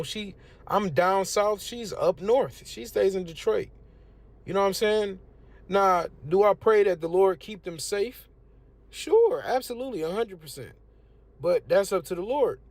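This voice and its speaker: A man's voice: sits high, moderate pace. A young man from the United States giving a casual religious testimony, preachy and conversational. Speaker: testimonial speaker.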